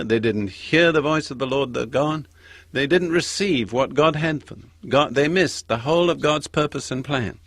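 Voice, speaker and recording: Man preaching a measured, emphatic sermon. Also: mid-range voice, fairly bright tone, dry recording. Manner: measured, emphatic scripture reading.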